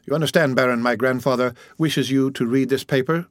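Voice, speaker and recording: A man voicing a gentle, devoted young woman in an audiobook, asking soft, patient questions in his own mid-pitched voice. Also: steady tone, brisk, no echo, clean studio sound, close to an everyday voice. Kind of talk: audiobook reading.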